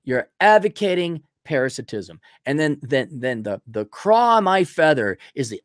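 Ranting, profane man with a lively voice. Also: fairly high pitch, no room sound, clean studio sound. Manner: profane, heated, halting restarts. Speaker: host answering viewer questions. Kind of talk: ranting commentary.

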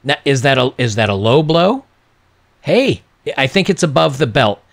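A man's voice: mid-range voice, big pitch swings, normal speed, gravelly. A man giving casual, sarcastic and mocking commentary on a video clip.

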